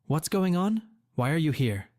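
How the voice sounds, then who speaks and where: Man reading as a cold rich middle-aged woman, sharp, scornful, dry sound. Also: fairly high pitch, big pitch swings, moderate pace, no room sound, voice pushed up.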